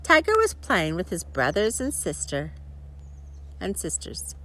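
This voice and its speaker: A woman reading a children's story aloud, expressive, with chuckling asides to her listeners. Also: fairly low pitch, measured pace, a little hiss or hum. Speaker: storybook reader.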